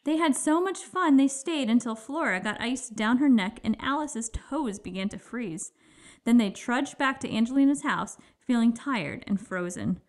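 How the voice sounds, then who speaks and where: A woman narrating a children's picture book aloud, with expressive storytelling. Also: a little high, normal speed.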